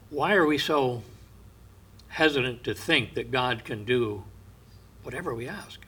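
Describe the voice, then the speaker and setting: A male pastor giving a sermon, an unhurried storyteller who often drops to a soft, low voice. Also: slightly rough.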